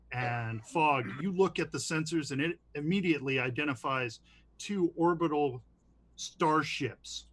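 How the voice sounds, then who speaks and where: A man runs a science-fiction tabletop game, narrating scenes and calling for checks. He speaks in a halting way, with many fillers. His pitch sits in the middle range. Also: a bit bright. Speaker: game master.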